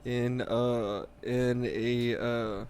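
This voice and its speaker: A man's voice: mid-range voice, flat delivery, drawn-out words, darkish tone, smooth. A young man co-hosting a casual podcast chat, hesitant and full of fillers, swearing freely. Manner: hesitant, profane, trails off with fillers. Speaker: podcast co-host.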